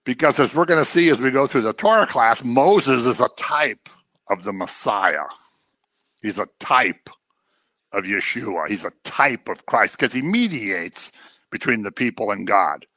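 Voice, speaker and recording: A man's voice: mid-range voice, a little slow, no echo. A man teaching a casual Bible class, acting out quotes in voices and joking with his listeners. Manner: animated, acts out quotes in voices, jokes with the class.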